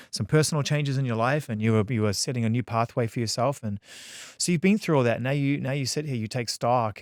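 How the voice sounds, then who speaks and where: Fast-talking, animated male radio host. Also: medium pitch, no echo, studio quality. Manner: quick, animated, joking and swearing. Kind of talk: casual radio interview. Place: radio studio.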